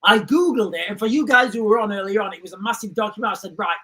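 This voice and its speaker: A woman's voice: medium pitch, fast talker, a bit bright. A woman hosting a livestream, speaking urgently and emphatically and constantly calling out to viewers. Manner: urgent, emphatic, keeps addressing viewers as guys. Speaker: livestream host. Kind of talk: livestream commentary.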